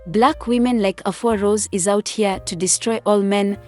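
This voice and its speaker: A woman's voice: mid-range voice, fairly even intonation, moderate pace, a little mellow, soft background music. A woman hosting a channel, reading scripted commentary in a stern, lecturing way. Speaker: channel host.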